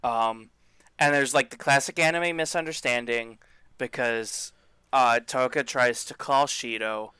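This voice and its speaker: Male podcast cohost, bright tone, dry booth sound; casual self-mocking recap. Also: medium pitch, unhurried, clean tone, dry recording. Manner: joking, rambling anime recap with self-mocking asides. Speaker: podcast co-host. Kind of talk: casual chat.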